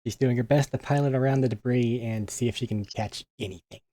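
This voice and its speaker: A man playing a tabletop game, reacting excitedly to his dice rolls. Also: medium pitch, fairly quick. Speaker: player. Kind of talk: casual chat.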